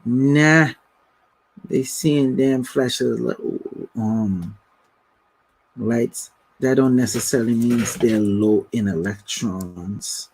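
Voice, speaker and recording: Male livestream host, slow and husky, casual storytelling. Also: mid-range voice, darkish tone, low-quality recording. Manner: slow, storytelling, reads out viewer comments. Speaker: livestream host answering viewer questions. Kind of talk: casual spiritual livestream talk.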